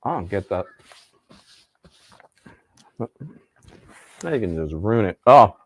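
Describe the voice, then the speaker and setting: A man's voice: on the low side, big pitch swings, takes it slowly, no room sound. A man chatting casually on a live cooking stream, enthusiastic and a bit tired from staying up late. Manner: enthusiastic, chatty, storytelling with voices.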